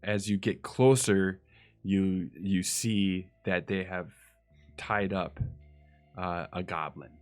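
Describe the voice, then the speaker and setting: A young man narrating a tabletop game as dungeon master, halting with many fillers. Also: deep voice, fairly even intonation, soft background music.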